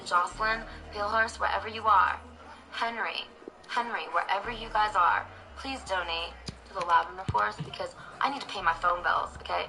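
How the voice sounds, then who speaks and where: A woman's voice: mid-range voice, vocal fry, sharp tone, poor audio. Dramatic rambling woman streamer. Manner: dramatic, scattered, theatrical. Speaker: livestreamer. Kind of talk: rambling livestream rant.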